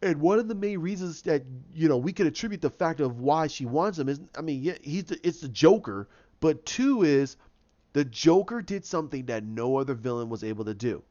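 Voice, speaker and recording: A man's voice: fairly high pitch, animated, fairly quick, dark tone. A man giving his casual opinions, rambling with frequent restarts and acting out quotes. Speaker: video host giving opinions. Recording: dull lo-fi recording.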